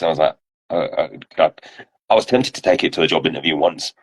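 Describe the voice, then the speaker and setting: A man's voice: extremely low pitch, a little fast, poor audio. A man hosting a casual podcast chat, laid-back and self-deprecating, laughing along with his guests. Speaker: podcast host.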